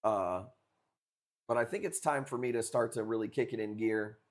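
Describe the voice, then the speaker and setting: A man's voice: fairly low pitch, normal speed. A young man from the Chicago area chatting loosely with viewers during a live coral auction stream, swearing casually as he talks. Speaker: livestream coral seller. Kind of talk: casual livestream chat.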